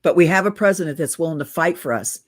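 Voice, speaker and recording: A middle-aged woman with a somewhat low voice talks straight to her viewers in a casual vlog rant. She is short of breath from being on oxygen, and her tone stays urgent and conspiratorial as she keeps calling them guys. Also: lively intonation, quick pace. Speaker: political video blogger. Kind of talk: casual direct-to-camera rant.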